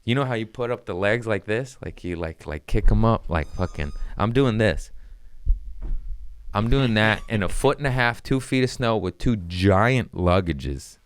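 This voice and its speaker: A young man, a comedian hosting a podcast, telling a story in a profane, animated casual way. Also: lowish voice, normal speed, clear, resonant tone.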